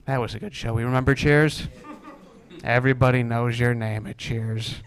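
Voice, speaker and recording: Young man doing a deadpan stand-up set. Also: mid-range voice, clean tone. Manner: deadpan, wry asides, rising into exasperated rants. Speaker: stand-up comedian. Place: comedy stage before a live audience.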